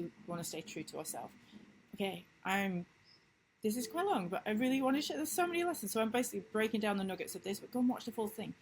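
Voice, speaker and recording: A woman business coach in a casual talking-head vlog, recapping lessons with emphatic enthusiasm and sudden upward leaps in pitch. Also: slight background noise, rough recording. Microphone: computer screen-recording mic.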